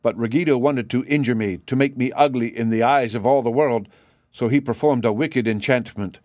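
A man's voice: mid-range voice, a little fast, a little mellow, no room sound, studio quality, natural voice. A man voicing a gloomy, despairing man hiding away under a curse of ugliness, with a sad, hollow voice. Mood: wailing. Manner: wailing, gloomy.

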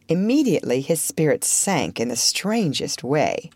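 A woman reading a classic children's book aloud in a lively, expressive storytelling manner. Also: low voice, a little slow, no echo.

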